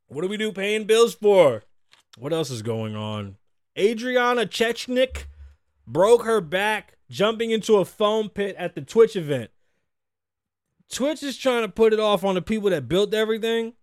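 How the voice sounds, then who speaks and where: A man hosting a podcast, talking casually and animatedly, swearing a lot and acting out quotes in loud bursts from a studio. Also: high voice, animated, a little slow, no echo. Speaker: podcast host. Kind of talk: casual profane talk-show rant.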